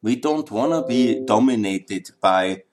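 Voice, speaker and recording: A man's voice: medium pitch, expressive, a little slow. Emphatic man. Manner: emphatic, repeats points for weight. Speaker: political commentator. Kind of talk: opinion monologue.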